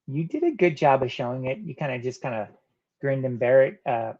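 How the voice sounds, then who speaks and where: A man hosting a casual live stream, reading viewers' chat comments aloud and answering them in a relaxed, rambling way. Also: mid-range voice, a little fast, dull audio. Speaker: live-stream host of a reselling channel.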